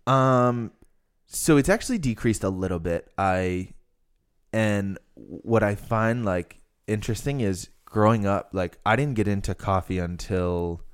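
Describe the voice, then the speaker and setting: The young host from Rhode Island keeps his podcast chat loose and filler-heavy, wandering from point to point. His lowish voice is clean, and he keeps a measured pace.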